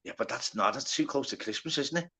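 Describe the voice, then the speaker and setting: A man's voice: mid-range voice, lively intonation, fast, bright, forceful tone. A man with a Liverpool accent hosting a casual live stream, chatty and sweary, greeting viewers by name. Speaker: livestream host.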